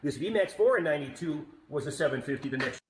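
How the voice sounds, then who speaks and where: Slightly high man in an echoey barn. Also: animated, fast. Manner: enthusiastic, explanatory, laughs easily. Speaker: vintage snowmobile collector. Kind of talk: casual guided tour of his collection. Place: pole barn. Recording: echoey barn with faint background noise.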